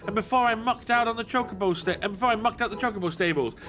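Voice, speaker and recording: A man's voice: sits high, quick pace, pitched above the performer's own voice, natural voice. A man voicing a put-upon male farmhand who whines and pleads about his chores. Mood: pleading. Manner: pleading, whiny.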